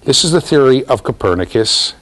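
A man lecturing a university class in a lively, jokey way, talking straight to the students. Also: medium pitch, fairly quick. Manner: animated, jokey, talks to students directly.

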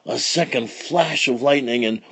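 A man reading a children's storybook aloud with expressive, dramatic storytelling. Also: medium pitch, unhurried, gravelly, husky, no room sound. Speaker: storybook reader. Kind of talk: children's read-along narration.

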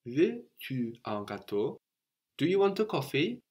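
A man's voice: mid-range voice, very animated, unhurried, darkish tone, husky. A man teaching a language lesson, explaining step by step in a patient way and often checking in with a questioning "no?".

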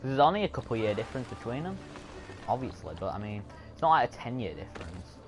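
Talking fast and very animatedly, this streamer rambles over his gameplay in a chatty let's-play, catching and correcting himself as he goes. He has a mid-range voice, and game music plays in the background.

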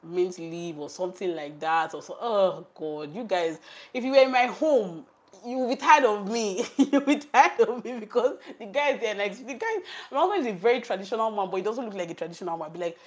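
A woman's voice: mid-range voice, brisk. A young woman with a Nigerian accent, chatting and laughing as she tells stories while cooking for her vlog. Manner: animated, laughing, chatty storytelling. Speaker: vlogger. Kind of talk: casual chat while cooking.

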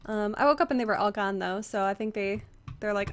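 This gaming streamer is a young woman with a brisk, mid-range voice that's a little strained, so she seems to be resting it. Wearing a headset, she chats casually, welcomes viewers by name, and reads their comments aloud.

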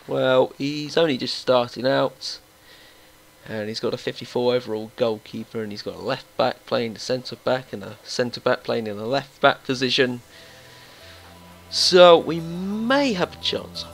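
A young man giving casual, excitable commentary while playing a football video game and talking to his players. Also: medium pitch, vocal fry, poor audio. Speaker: gaming YouTuber. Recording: faint background music.

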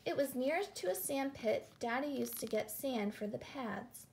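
A woman calmly reading a children's picture book aloud. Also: high-pitched, a little slow, creaky, a little hiss or hum. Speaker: storyteller.

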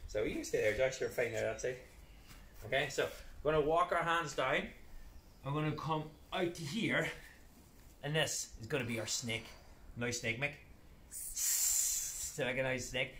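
A man's voice: mid-range voice, a little slow, pauses often, a bit bright, roomy sound, slight background noise. A man leading a live children's PE class, giving playful step-by-step exercise cues. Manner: upbeat, playful, step-by-step cueing. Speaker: children's PE coach. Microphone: camera set back across the room.

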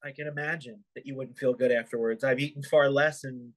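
A man hosts a podcast in a casual chat, asking wry, teasing questions. His voice is mid-range and fairly bright, with fairly even intonation and a slightly fast pace.

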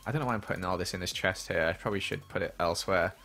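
A man's voice: low-pitched, rapid-fire, creaky, sharp tone. A young man chatting casually on a gaming livestream and answering viewer questions as he plays.

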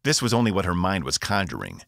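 A man, the author, narrating his own science fiction audiobook with expressive delivery. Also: low-pitched, quick pace, creaky, no room sound, clean studio sound. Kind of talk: scripted narration.

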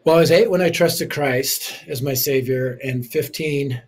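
Appearing as a guest in an interview, a man who preaches and writes books shares his life story energetically, punctuating it with humor. He speaks at a medium pitch and a measured pace.

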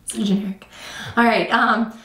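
A woman's voice: on the high side, fairly even intonation, moderate pace, a bit bright, reverberant. A female co-host with a sick voice, casually introducing a board game.

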